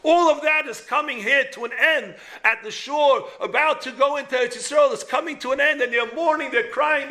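A man's voice: very high-pitched, bright, forceful tone. A man giving an impassioned sermon as a rabbi, building to emphatic peaks. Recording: roomy echo.

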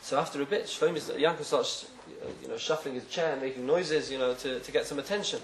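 A man's voice: medium pitch, fast talker, roomy sound, a little hiss or hum, poor audio. A man telling a parable as part of a sermon, acting out the characters' voices as he goes. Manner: animated storyteller, acts out voices in quotes. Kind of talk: sermon with storytelling.

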